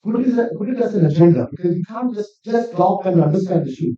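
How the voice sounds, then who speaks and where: A man's voice: high-pitched, lively intonation, quick pace, a crowd in the background. Earnest man lecturing in an echoey hall. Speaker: academic lecturer. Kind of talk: conference presentation. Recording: distant mic in echoey hall, dull sound.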